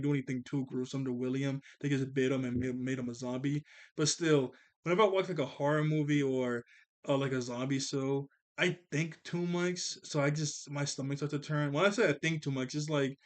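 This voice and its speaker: A man casually recapping and reviewing a cartoon episode, laughing often and slipping into quick character voices. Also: mid-range voice. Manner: animated, laughs often, jumps into character voices when quoting.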